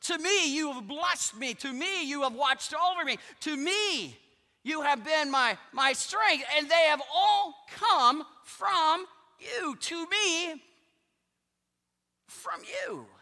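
High, bright-voiced preaching man in a reverberant hall. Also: animated, slow. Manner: emphatic preaching, swings between loud declarations and hushed asides. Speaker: pastor. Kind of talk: sermon.

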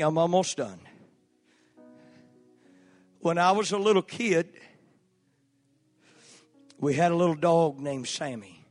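A man preaching a sermon, telling a personal story in a folksy, earnest way with filler pauses. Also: fairly high pitch. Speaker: pastor. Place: church sanctuary. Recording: long church hall reverb, faint music.

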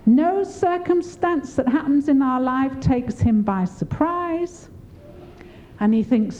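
Older woman preacher, high voice with wide swings, slow and encouraging, slightly muffled recording. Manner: warm, laughing, encouraging, lively pitch swings. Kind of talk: sermon.

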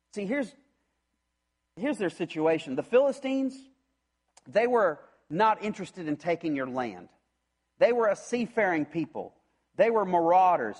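A man preaching a sermon, retelling a scripture story in an animated way and acting out the voices of its characters. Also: sits high. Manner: animated storytelling, acts out voices, frequent restarts. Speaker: pastor.

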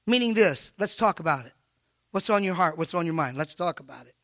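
An older man preaching a sermon at a live church service, animated and preachy, with joking asides. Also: fairly high pitch, fairly quick, no echo, clean studio sound. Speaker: pastor.

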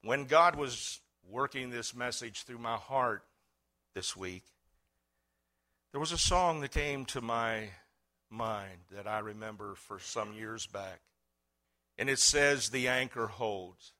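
A middle-aged man preaching a sermon, swinging between loud fervent cries and quiet earnest talk. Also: mid-range voice, slow, long pauses. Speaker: pastor.

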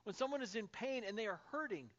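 A man in his thirties preaching a sermon as a pastor, telling stories in an animated, conversational way with fillers. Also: high-pitched, fast, muffled recording.

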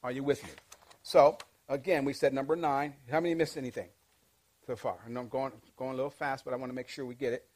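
A man teaches a leadership class with lots of energy, speaking quickly in a mid-range voice. He keeps things interactive, calling out questions and pushing the audience to answer back in a call-and-response style.

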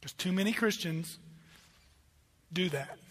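A middle-aged male pastor preaching, his voice high and bright. He swings between forceful, emphatic lines and quiet, hushed asides. The sound carries a long reverb from a church sanctuary. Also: expressive, a little slow. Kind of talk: sermon.

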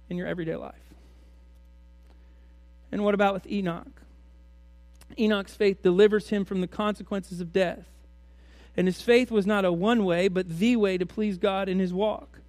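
Pastor guy preaching, kinda high voice, keeps asking the church questions, dry close sound. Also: a little mellow, no room sound. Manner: conversational preaching, full of rhetorical questions to the congregation. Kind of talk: sermon.

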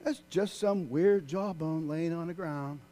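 A man preaching a sermon, swinging from loud, excited outbursts to hushed, quiet passages. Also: on the high side, unhurried.

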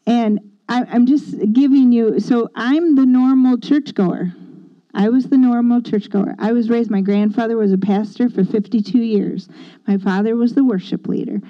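A woman's voice: mid-range voice, muffled recording. A woman speaking earnestly and casually about her husband's faith, with light laughs. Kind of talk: casual testimony chat.

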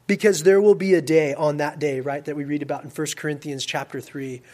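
A man preaching a casual sermon as a youth pastor. He swings between loud, emphatic stretches and quiet, soft-spoken asides. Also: fairly high pitch, steady tone, fairly quick.

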